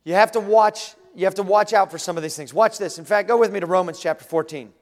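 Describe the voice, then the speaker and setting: A man preaching a sermon as pastor, animated, acting out the voices he quotes. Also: high-pitched, quick pace. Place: church sanctuary. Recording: long reverb of a large room.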